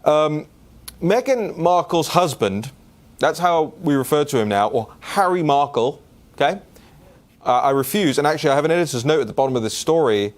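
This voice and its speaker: A man's voice: lively intonation, moderate pace. A man hosting an opinion talk show, speaking casually and scornfully with many fillers, answering listener questions. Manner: casual and scornful, with fillers and sudden pitch jumps.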